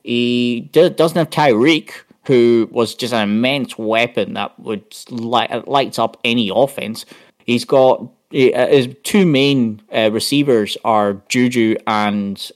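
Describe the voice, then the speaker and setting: A man talking casually on a sports podcast, his voice sitting in an ordinary middle range. He rambles through plays and numbers and often restarts his sentences as he goes. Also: mid-range voice. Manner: rambling, full of restarts and stats. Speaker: podcast panelist.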